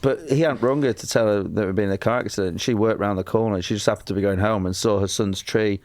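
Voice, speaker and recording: A man's voice: fairly low pitch, fairly even intonation, fast, darkish tone. A man, a comedian telling a rambling, self-mocking story as a podcast guest, laughing often. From Lancashire, England. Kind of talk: casual anecdote telling.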